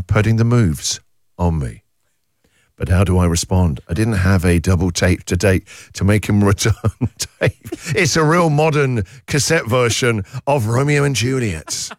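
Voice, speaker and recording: Male radio host, animated and playful, low voice with a dry studio close-mic. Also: moderate pace, no echo. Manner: animated, self-mocking, mock-dramatic. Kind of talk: casual radio chat, reading listener texts. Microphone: studio microphone.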